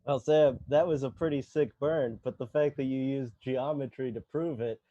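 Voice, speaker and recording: A man's voice: medium pitch, steady tone, normal speed, warm tone, no room sound, highs cut off. A man competing in a comedy debate, rambling through absurd jokes. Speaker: debate contestant. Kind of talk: comic debate banter.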